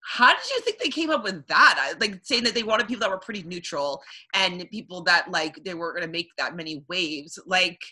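A bright, clear-toned young woman from Canada chatting casually as a podcast co-host. She talks loosely and rambles with plenty of ums and likes, laughing easily. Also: fairly low pitch, lively intonation, brisk, few pauses. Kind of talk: casual chat recapping a reality show.

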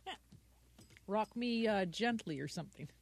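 A woman's voice: mid-range voice, animated, normal speed, vocal fry. A woman co-hosting a talk show in a casual chat, giggly, rambling and playfully pushy. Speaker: podcast co-host.

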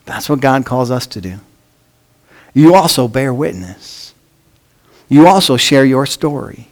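A man preaching a sermon, with measured phrasing that drops off at the ends of lines. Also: mid-range voice, expressive, poor audio. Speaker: pastor.

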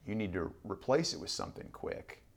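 A man in his thirties with a very low, gravelly voice, the kind that crackles into fry at the bottom of his phrases. He tells long, rambling stories as a guest in a relaxed interview, and he often stops on an um or backs up to restart a sentence. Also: fairly quick. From Southern Illinois. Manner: rambling storyteller with frequent ums and restarts. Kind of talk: conversational podcast interview.

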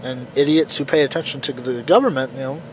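A man's voice: medium pitch, fast talker, noisy background. A man ranting through a solo podcast monologue, repetitive and swearing freely, his voice slightly worn. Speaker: podcast host.

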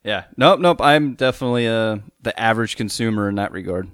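A man with a slightly low voice chatting loosely on a podcast. He rambles and trips over repeated words. The sound is close and dry. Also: animated, brisk, fairly bright tone, no echo. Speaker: podcast co-host. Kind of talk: casual chat.

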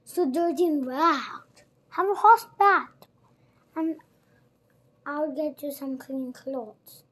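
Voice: high voice, takes it slowly, fairly bright tone. A child reading as a fussing motherly housekeeper. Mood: caring. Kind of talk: storybook reading.

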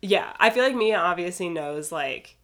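A woman's voice: on the low side, animated, moderate pace, crowd noise. A woman co-hosting a podcast, recapping a reality show in casual chat, blunt and sarcastic and swearing freely. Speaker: podcast co-host.

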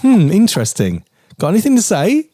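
Animated swearing man. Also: high-pitched, fairly quick, breathy edge, dry recording. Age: 40s. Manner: animated, swearing, mock-outraged storytelling. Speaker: podcast co-host. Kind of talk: casual chat.

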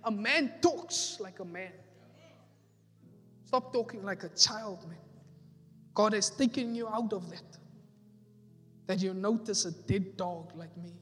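High-voiced preacher in a hall. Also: male voice, slow, pauses often, a bit bright. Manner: emphatic preaching, repeating phrases for effect. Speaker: pastor. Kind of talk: sermon. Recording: echoey hall with faint music.

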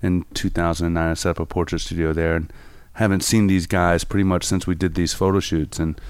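A man's voice: sits low, flat delivery, brisk, smooth, dry recording. A man, a photographer guest, telling rambling anecdotes in casual conversation with many fillers. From New York. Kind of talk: casual storytelling interview.

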